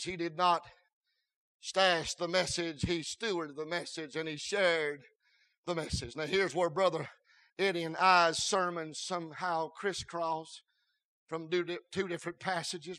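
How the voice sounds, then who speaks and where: Male pastor mid-sermon: chanting, shouting delivery with stammered restarts, bright sharp tone. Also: sits high, flat delivery, unhurried. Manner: fiery, shouting, sing-song preaching cadence; frequent "uh" fillers and stammered restarts.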